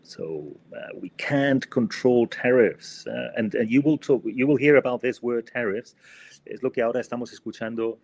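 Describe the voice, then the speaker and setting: Speaking at a moderate pace with a medium-pitched, creaky, a little mellow voice, an English teacher co-hosts a podcast lesson. He hesitates a lot, leans on fillers, and keeps ending sentences with "no?"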